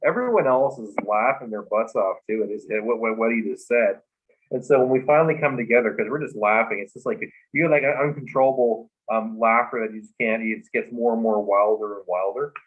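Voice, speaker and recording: A man, a guest on a livestream talk show, telling a personal story in a halting, earnest way with many restarts, over a video call. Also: fairly low pitch. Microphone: remote video call. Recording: muffled livestream audio.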